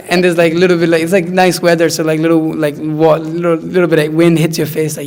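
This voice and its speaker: Young man, fairly high voice, casual chat, lively storytelling, mimics friends. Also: moderate pace. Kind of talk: casual conversation.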